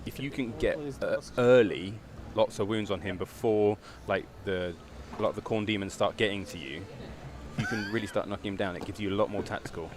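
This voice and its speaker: A man, co-commentating a tabletop wargame stream in a relaxed, analytical way with easy chuckles. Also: lowish voice, brisk, noisy background. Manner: relaxed, analytical, chuckles while telling stories. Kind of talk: casual live game commentary.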